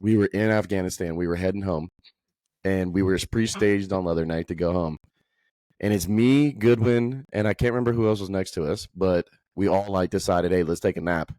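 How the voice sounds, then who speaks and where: A man's voice: deep voice, brisk, dark tone, no echo. A man telling rambling stories in casual chat among friends, full of "bro" and "dude". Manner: rambling storyteller, peppers talk with "bro" and "dude".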